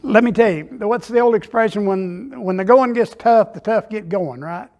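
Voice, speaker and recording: Man, pastor, high voice, folksy sermon storytelling. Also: normal speed, a little mellow. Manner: folksy storytelling, Southern phrasing. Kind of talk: sermon with humorous stories.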